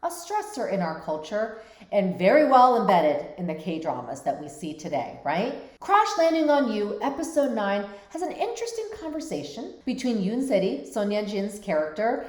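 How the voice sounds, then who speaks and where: Woman host, reflective commentary, mid-pitched voice, echoey room. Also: sing-song, moderate pace. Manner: warm, reflective, often asks "right?". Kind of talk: mental health commentary on a drama.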